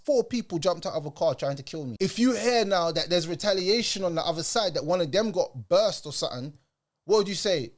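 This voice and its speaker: Heated British man reacting. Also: a little high. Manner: heated, emphatic street talk. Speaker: reaction video host. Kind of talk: casual reaction commentary.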